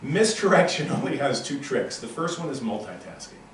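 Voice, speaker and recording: A man in his sixties giving a live motivational lecture to an audience in a room, telling stories in an animated, punchy and emphatic way. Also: medium pitch, moderate pace, slight background noise. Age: 60s. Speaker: motivational speaker. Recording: very echoey room, voice from a distant mic.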